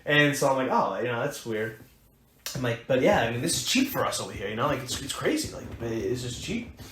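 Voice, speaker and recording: A man's voice: mid-range voice, big pitch swings, a little fast, a bit bright. Rambling American man in an echoey room. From United States. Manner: rambling storyteller with many restarts and fillers. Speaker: podcast co-host. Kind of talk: casual chat. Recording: echoey room, faint hiss.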